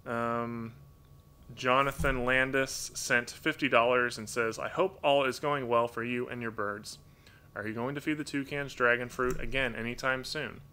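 A man hosting a live stream from home, reading out donations in a rambling, halting way, full of fillers and restarts, grateful and thinking aloud. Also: mid-range voice, bright, forceful tone, clear, resonant tone. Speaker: livestream host reading donations. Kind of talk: casual live-stream chat. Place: home with pet toucans.

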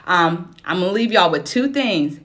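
A woman's voice: on the low side, expressive, normal speed, noisy background. A woman in her thirties hosting a live stream as a self-love coach, preaching, encouraging and greeting viewers by name. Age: 30s.

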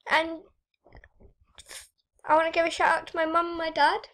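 High-voiced chatty young girl. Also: moderate pace. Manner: chatty, excitable, rambling. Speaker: YouTuber. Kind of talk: casual gaming vlog commentary.

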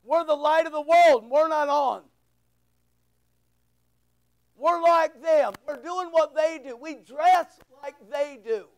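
A pastor delivers a fervent sermon in a strikingly high, strained voice. He hammers his points with rhetorical questions and repetition, stumbling into quick restarts when he gets intense. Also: poor audio. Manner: fervent, emphatic preaching with repeated rhetorical questions.

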